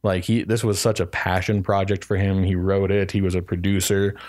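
Low-voiced man rambling about films. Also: flat delivery, brisk, a little mellow. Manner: rambling, laughs while telling jokes. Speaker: podcast co-host. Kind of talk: casual chat.

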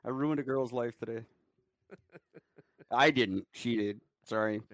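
A man's voice: mid-range voice, slow pace, a bit bright, no echo. A man co-hosting a podcast, telling profane, joking stories in casual chat. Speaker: podcast co-host.

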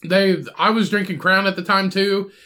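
A high-pitched man tells a bar story with a lot of cursing, slipping into quick voices for the people in it. His talk rambles, with restarts, and it has the easy feel of a podcast chat between friends. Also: fairly even intonation, pushed and bright. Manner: profane, rambling, acts out other people's voices. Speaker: podcast host.

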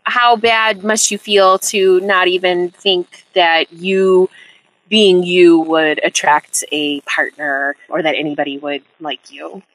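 A woman from the Midwest co-hosting a podcast, quick-witted and laughing often. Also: lowish voice, level tone, a bit bright, low-quality recording. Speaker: podcast co-host. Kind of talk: casual chat.

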